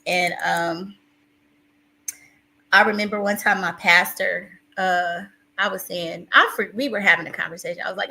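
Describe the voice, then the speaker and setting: A woman hosting a casual live stream, with a bright, forward voice. She talks with open emotion and rambles through restarts, and she reads her viewers' chat aloud as she goes. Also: lowish voice, moderate pace, poor audio. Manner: emotional, self-described crier, rambling restarts.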